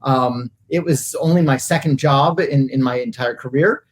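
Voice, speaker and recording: A man's voice: mid-range voice, normal speed. A middle-aged man answering interview questions thoughtfully, with many fillers and restarts. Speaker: guest, agency CEO.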